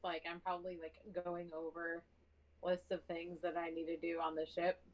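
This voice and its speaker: A woman's voice: lowish voice, completely flat delivery, moderate pace, highs cut off. A woman playing a tabletop game who talks casually and hesitantly with many fillers. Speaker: player. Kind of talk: in-character roleplay.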